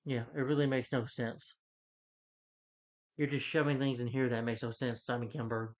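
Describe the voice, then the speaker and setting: Male film reviewer, casual rambling rant, fillers and exasperation, average pitch, muffled lo-fi sound. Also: flat delivery, normal speed. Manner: rambling, full of "you know" fillers, exasperated.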